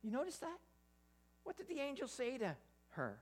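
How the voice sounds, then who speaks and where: A preacher giving an interactive Bible sermon, animated, often stammering and restarting while putting questions to the listeners. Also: sits high, moderate pace, long pauses, husky. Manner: animated, quizzes the audience.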